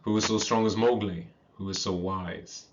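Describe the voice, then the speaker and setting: A man puts on a proud male black panther from a storybook, wry and teasing, speaking in a slow, knowing drawl. His voice sits low and comes through a dull, lo-fi recording. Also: steady tone, slight background noise, close to an everyday voice. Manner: mock-humble drawl.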